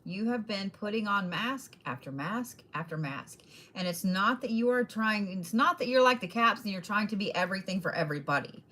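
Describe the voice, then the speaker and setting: A woman's voice: mid-range voice, animated, moderate pace, pushed and bright. A woman giving casual, blunt zodiac readings straight to each sign, swearing freely and laughing often. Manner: direct address to each sign. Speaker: tarot and astrology reader.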